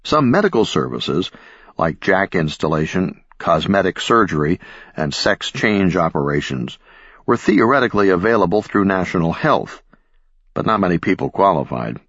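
A man narrating an audiobook in a measured, expressive storytelling manner. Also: low-pitched, dry recording, lo-fi sound. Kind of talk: scripted narration.

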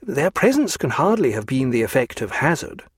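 A man reading a calm, learned gentleman. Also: medium pitch, breathy edge, dry recording, studio quality. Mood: reassuring. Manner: measured, gently reassuring.

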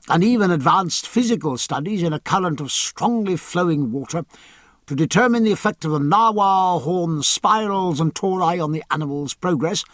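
A man narrating a historical novel in a measured storytelling manner. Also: a little high, fairly bright tone, no echo, clean studio sound. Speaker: audiobook narrator. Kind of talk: scripted narration.

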